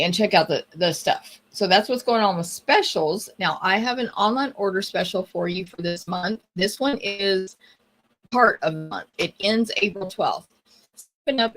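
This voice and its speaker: A woman's voice: on the low side, fairly bright tone. A woman hosting a live craft demonstration, talking casually and chattily, often losing her train of thought. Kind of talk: casual live-stream chat.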